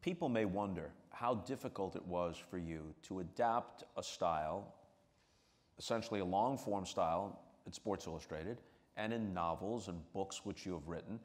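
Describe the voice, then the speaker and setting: Guy interviewing on stage, low voice, measured long questions, echoey hall. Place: stage before a live audience. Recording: reverberant hall.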